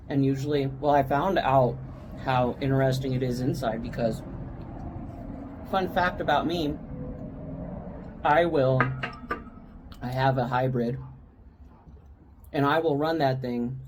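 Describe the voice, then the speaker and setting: A woman's voice: rumbling low, fairly even intonation, measured pace, long pauses. Woman, podcast co-host, casual storytelling, rambling with restarts, faint hiss behind. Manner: rambling, with frequent restarts and asides.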